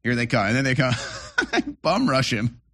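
Brief: male commentary host, mid-pitched, sarcastic and scornful. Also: huge pitch swings, normal speed, pushed and bright, breathy edge. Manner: sarcastic, mocking. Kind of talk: opinionated commentary over clips.

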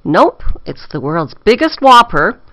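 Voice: mid-range voice, sing-song, unhurried, fairly bright tone, no echo, dull audio. A documentary narrator reading a scripted, mocking satirical voice-over. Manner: mocking, sardonic.

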